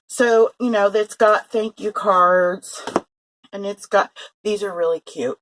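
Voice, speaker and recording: A woman's voice: medium pitch, lively intonation, takes it slowly, fairly bright tone, low-quality recording. Woman, chatty haul vlog, rambling with fillers, filmed at a home sewing table. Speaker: vlogger showing a thrift haul. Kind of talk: casual haul vlog chat. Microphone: handheld or table camera.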